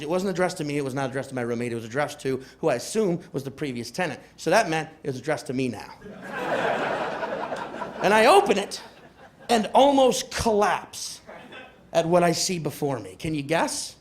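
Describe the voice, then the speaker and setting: A young man telling a stand-up comedy story, animated and acting out characters with shouted outbursts, recorded live with a laughing audience. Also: fairly high pitch, a little fast. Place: comedy club stage. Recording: live club with crowd laughter.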